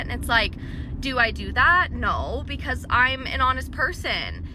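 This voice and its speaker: A woman's voice: on the high side, very animated, unhurried. A woman who is a working parent, ranting in a frustrated, swearing, filler-heavy way while recording on her phone in her car. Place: car in traffic. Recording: traffic noise behind.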